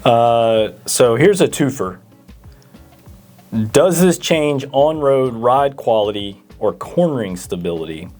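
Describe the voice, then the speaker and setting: A man's voice: medium pitch, expressive, slow, darkish tone, soft background music. A man co-hosting a parts store Q&A, reading viewer questions and often stammering through fillers. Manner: hesitant, stammering with many fillers. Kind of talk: casual Q&A chat.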